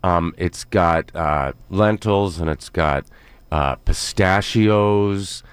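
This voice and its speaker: A man appearing as a guest actor in a radio interview, speaking in a halting way with frequent restarts. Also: deep voice, clear, resonant tone, no room sound. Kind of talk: casual interview chat.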